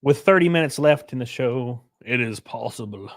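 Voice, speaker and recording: A man's voice: mid-range voice, lively intonation, moderate pace. A man hosting a casual livestream, reading viewers' comments aloud and answering them in a loose, joking, rambling way. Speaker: livestream host reading chat.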